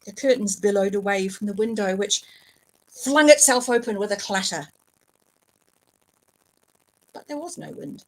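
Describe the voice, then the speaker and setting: A woman's voice: medium pitch, a little slow, long pauses, poor audio. A woman reading a novel aloud at home, storytelling expressively with the odd slip and filler. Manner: expressive, lively storytelling with small slips and fillers. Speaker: reader.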